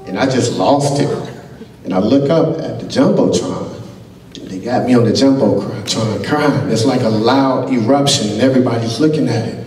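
A man, a college basketball coach, giving a keynote speech at a gala, telling animated stories and acting out the dialogue. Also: mid-range voice, slight background noise. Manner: animated storyteller who acts out quoted dialogue. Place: large gala banquet hall. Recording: echoey hall picked up from a distance.

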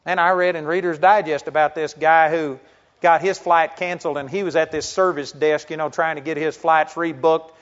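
A man's voice: fairly high pitch, steady tone, normal speed. A male pastor preaching to a congregation in a conversational sermon style, full of rhetorical questions and personal stories. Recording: dull lo-fi sound.

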